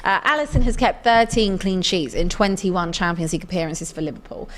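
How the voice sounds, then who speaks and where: Low-voiced woman presenting football chat. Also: a little fast.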